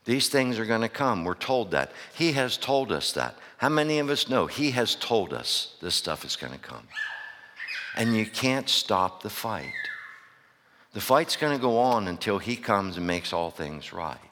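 A man preaching a sermon to his church. He swings from loud, impassioned outbursts to hushed asides and keeps asking the congregation rhetorical questions. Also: fairly low pitch, very animated, a little slow. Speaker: pastor. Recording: long reverb of a large hall.

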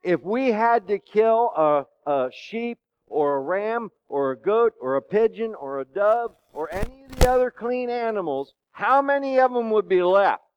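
A man's voice: sits high, lively intonation, a little slow, hardly any pauses, clear, resonant tone, no room sound. Preaching man, dull dry recording. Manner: asks the congregation questions, swings from soft to loud. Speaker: pastor. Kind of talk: sermon.

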